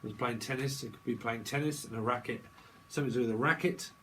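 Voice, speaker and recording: A man's voice: medium pitch, fast, a bit bright, slight background noise. A man giving a rambling, jokey tarot reading, free-associating and laughing often. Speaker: tarot reader. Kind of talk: rambling solo reading video.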